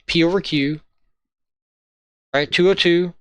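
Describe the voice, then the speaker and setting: A man walking viewers through a logic lesson in a halting way, often checking in with "right?" and "okay?". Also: sits high, a bit bright, clear, resonant tone. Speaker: logic tutor. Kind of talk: informal lesson walkthrough.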